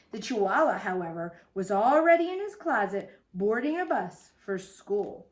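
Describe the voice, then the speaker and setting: A woman's voice: fairly high pitch, lively intonation, moderate pace, few pauses. A woman teacher reading a picture book aloud to children, with chatty asides to the kids. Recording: echoey room.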